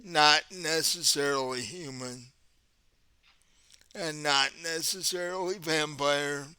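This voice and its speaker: A courteous, centuries-old vampire prince, spoken by a man in his own voice in a tabletop game. He talks very slowly with unhurried calm, and his voice is bright and crisp. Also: fairly high pitch, dry recording, exaggerated voice.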